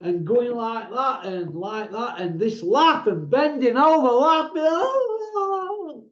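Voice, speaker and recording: A man with a Northern English accent telling a casual story, lively and mimicking other people as he goes. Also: high voice, slow. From Northern England. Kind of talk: casual anecdote. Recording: roomy, dull lo-fi sound.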